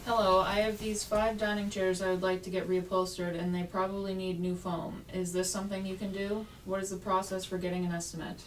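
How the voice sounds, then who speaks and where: A woman reads viewer questions aloud in a low voice with almost no rise and fall. She sits far from the mic in an echoey room. Steady background noise is clearly heard. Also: brisk, few pauses. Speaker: co-host reading viewer questions.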